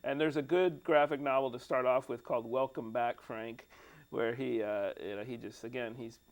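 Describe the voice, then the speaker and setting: A man's voice: mid-range voice, fairly even intonation, normal speed. Chatty man co-hosting a film talk. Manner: chatty, laughs often. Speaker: co-host of a movie discussion show. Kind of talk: casual chat about a film. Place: cable TV studio.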